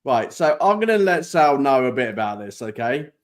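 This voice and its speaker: Man, podcast host, casual chat, playful, laughing, middle pitch. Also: big pitch swings, normal speed. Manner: chatty, laughing, mimics accents.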